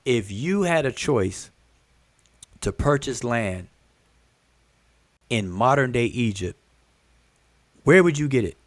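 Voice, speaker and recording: Male host, animated live-stream teacher, mid pitch, dry close sound, keeps urging viewers to look. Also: slow, pauses often, no room sound. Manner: addresses the audience as "y'all" and "family". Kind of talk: live-stream lesson talking to viewers in chat.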